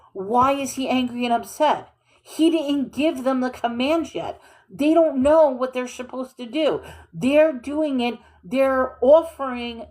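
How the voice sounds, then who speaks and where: With a slightly high, somewhat mellow voice, a woman casually reads from the Bible and comments on it. She thinks aloud as she goes, raising questions in an informal way.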